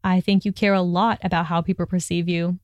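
An arrogant young wizard who sneers and mocks with a quick drawl, as a woman reading the story puts him on. The voice stays smooth and clear in a dry, close recording. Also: lowish voice, little pitch movement, darkish tone, no room sound, highs cut off, close to an everyday voice. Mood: sneering.

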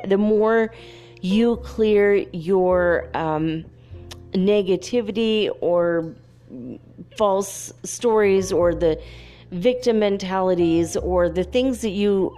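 A woman's voice: medium pitch, takes it slowly, dark tone, soft background music. A woman giving a casual, chatty spiritual channeling talk, often giggling as she relays messages aloud.

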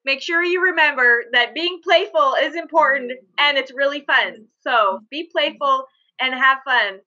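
A woman's voice: high voice, a little slow, pushed and bright, muffled recording. A woman co-hosting a podcast in casual chat, rambling a little with fillers as she tells a story. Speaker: podcast co-host.

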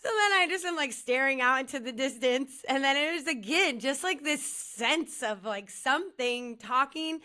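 A woman's voice: high voice, expressive, moderate pace, few pauses, sharp tone. A woman co-hosting a podcast, telling a rambling story in casual chat, saying "like" often and laughing as she goes. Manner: rambling, heavy use of "like", laughs through her story. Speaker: podcast co-host.

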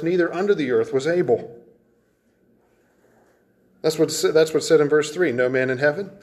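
A man preaching an expository sermon, emphatic, repeating phrases, often dropping low and slowing down to stress a point.

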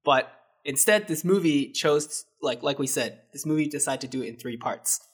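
A man's voice: fairly high pitch, moderate pace, breathy edge. A man co-hosting a casual movie review chat, sarcastic and often laughing. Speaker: podcast co-host.

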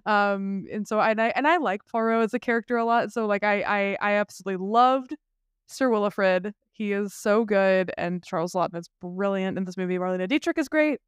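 A man's voice: high-pitched, fairly quick, clear, resonant tone, no echo, studio quality. A man co-hosting a film podcast, chatting casually and animatedly with lots of restarts and the odd swear. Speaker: podcast co-host.

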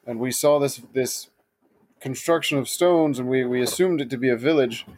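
A man's voice: mid-range voice, moderate pace, a little mellow. A man playing a tabletop game on a stream, describing his character with many ums. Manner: hesitant, with ums and likes. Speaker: player.

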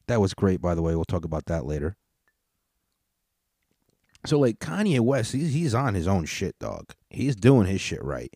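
A man with a lowish, mellow voice rants through a casual comedy podcast, cursing freely and rambling from one thought to the next. He is recorded close and dry. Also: big pitch swings, measured pace, long pauses, no echo. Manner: profane, rambling, with frequent restarts. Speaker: podcast host.

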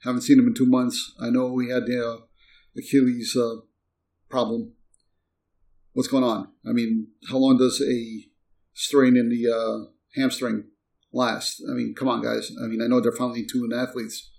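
A middle-aged man with a gravelly, mid-pitched voice hosts a casual sports show. He rants bluntly and chattily, calling out to the fans with lots of fillers as he goes. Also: a little mellow. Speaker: sports podcast host.

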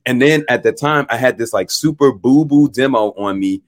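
Animated young man telling a story. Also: medium pitch, normal speed. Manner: animated, laughing storyteller who acts out quotes. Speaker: guest musician. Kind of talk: casual interview storytelling.

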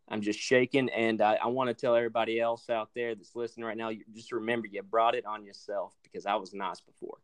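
A man's voice: on the low side, steady tone, fairly quick. A man, a podcast guest, doing mock-angry fantasy league trash talk, theatrical and stammering, building to blustery outbursts.

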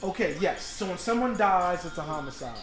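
A man's voice: sits high, animated, fairly quick, over music. Playful joking man in a roomy space. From Africa. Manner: playful, self-mocking storyteller. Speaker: podcast co-host. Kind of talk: casual banter. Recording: roomy echo.

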